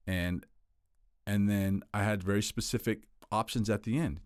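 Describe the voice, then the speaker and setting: A man teaching communication skills in a casual explainer style, animated and acting out example quotes in playful voices. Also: on the low side, normal speed, no echo, studio quality.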